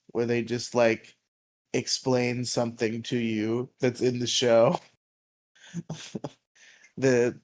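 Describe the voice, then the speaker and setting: A man co-hosting a podcast, recapping a TV episode in casual, rambling talk with lots of fillers and laughs. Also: mid-range voice. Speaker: podcast co-host.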